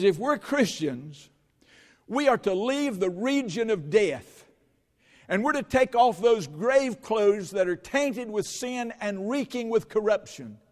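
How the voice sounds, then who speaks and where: A man's voice: high-pitched, in a large hall. A male pastor preaching a sermon, telling stories with quoted dialogue before moving into scripture.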